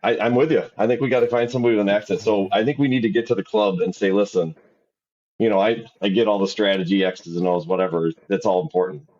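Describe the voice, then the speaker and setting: Low-voiced, agreeable Wisconsin man. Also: steady tone, fast, darkish tone. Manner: agreeable, hesitant with many fillers. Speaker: podcast co-host. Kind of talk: casual chat. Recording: slightly dull lo-fi sound.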